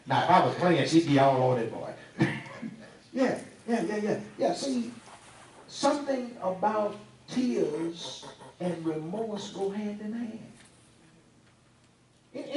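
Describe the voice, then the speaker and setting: Man preaching, lively folksy delivery, roomy distant sound, faint hum behind. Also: a little high. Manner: animated, folksy, teasing the congregation. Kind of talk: sermon. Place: church sanctuary. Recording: echoey room, mic at a distance, faint ambience.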